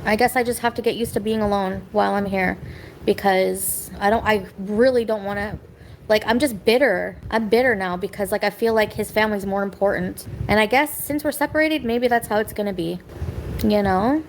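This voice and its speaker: At home in her kitchen, a woman livestreams a rambling, bitter vent, snapping back at people in the chat. Her voice is medium-pitched at normal speed, captured in a rough recording with slight background noise.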